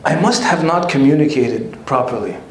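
A man quoting a calm older male priest mentor who speaks gently and patiently. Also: fairly high pitch, normal speed, roomy sound, slight background noise, natural voice. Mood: gentle.

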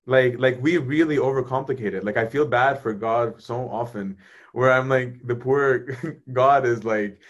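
A man, a priest, talking casually about faith and answering viewers' questions in a conversational, animated way. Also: mid-range voice, measured pace, lo-fi sound. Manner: conversational, animated, often asks "right?".

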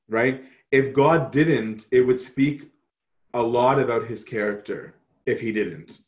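A man answering questions on Christian theology in a relaxed, conversational way, often checking in with "right?". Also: mid-range voice, a little slow. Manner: animated, conversational, frequent "right?" tag questions. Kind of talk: casual theological discussion.

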